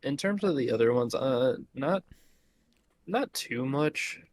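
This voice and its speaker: A man's voice: medium pitch, expressive, slow, a little hiss or hum. A man co-hosting a podcast, joking and laughing often in casual chat. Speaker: podcast co-host.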